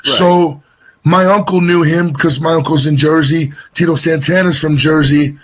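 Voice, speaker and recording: Husky man telling a rambling story. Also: fairly high pitch, steady tone. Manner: rambling, sidetracked, fast bursts with restarts. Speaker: wrestler guest. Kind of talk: casual interview storytelling.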